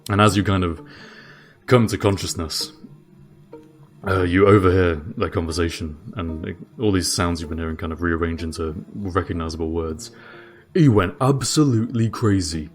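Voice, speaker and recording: A man's voice: deep voice, steady tone, normal speed, faint music behind. A man co-hosting a casual chat and narrating a role-play as game master, teasing in a dry, wry way.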